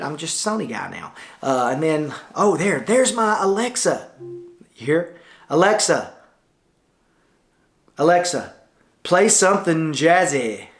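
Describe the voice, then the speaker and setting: A middle-aged man with a Tennessee Southern accent talks through his photography studio in a loose, chatty vlog, recorded indoors in the studio lounge on a camera-mounted shotgun mic. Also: fairly high pitch. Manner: folksy, chatty, loose with many fillers. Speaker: photographer vlogger. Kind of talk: casual rambling vlog talk.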